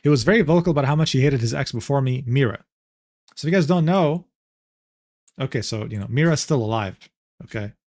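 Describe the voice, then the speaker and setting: A man's voice: mid-range voice, animated, fairly quick, long pauses, darkish tone, dry recording, studio quality. A young man streaming live, reacting to a document in loose, rambling commentary full of slang fillers. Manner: rambling, filler-heavy slang with "bro" and "dude".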